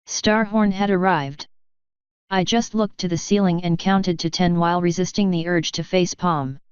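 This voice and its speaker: Smooth-voiced woman reading fan fiction. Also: fairly low pitch, fairly even intonation, moderate pace, dry recording, dull audio. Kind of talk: audiobook narration.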